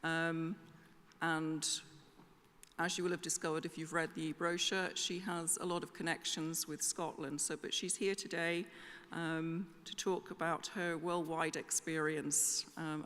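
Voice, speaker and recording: A woman's voice: low voice, level tone, unhurried, a bit bright. A woman chairing a conference who introduces the next speaker formally, hesitant, with many ums. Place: concert hall conference centre. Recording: concert hall reverb with faint ambient noise.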